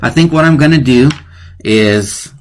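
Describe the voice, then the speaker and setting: A man's voice: mid-range voice, unhurried. A man hosting a live online lesson, playful and chatty, often chuckling at his own jokes. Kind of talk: casual live-streamed lesson.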